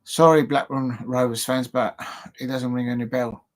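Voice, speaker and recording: A man's voice: mid-range voice, steady tone, normal speed. A man from England hosting a live football show, casually rambling through match predictions and chatting to his viewers. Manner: rambling, self-deprecating, talks to viewers.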